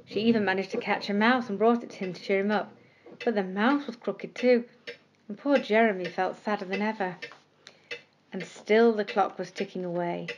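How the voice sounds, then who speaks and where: A woman with a mid-pitched voice narrates a bedtime story gently and expressively. She draws out the words she wants to stress. The recording is slightly muffled and lo-fi. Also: a little hiss or hum. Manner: gentle, expressive, slowing for emphasis.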